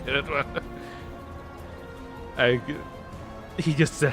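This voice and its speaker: Game streamer guy chatting slow and rambly, mid pitch, game music going behind him. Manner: rambling, many fillers and restarts, laughs easily. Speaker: gaming livestream host. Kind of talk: casual live-stream chat.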